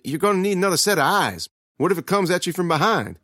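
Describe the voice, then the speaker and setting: A man voicing Mitch, an eager, excitable teenage boy with an urgent, raised voice, in a horror storybook reading. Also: high-pitched, fast talker, dry recording, clean studio sound, pitched above the performer's own voice, heavily acted.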